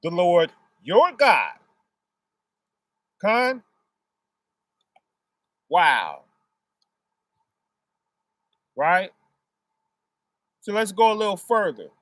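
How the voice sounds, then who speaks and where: A man with a fairly high voice delivers a loose, conversational sermon, stopping after almost every phrase to check "right?" with his listeners. He explains his points through homely family examples. The sound is dry and close. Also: very animated, drawn-out words, pauses often, a bit bright, dry recording. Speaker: preacher. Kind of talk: casual street sermon.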